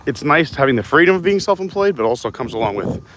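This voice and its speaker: A man's voice: on the high side, sing-song, fast talker, background noise. A man hosting a live stream while walking outdoors, chatting casually, reading viewer comments and laughing often. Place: outdoors in a theme park, walking.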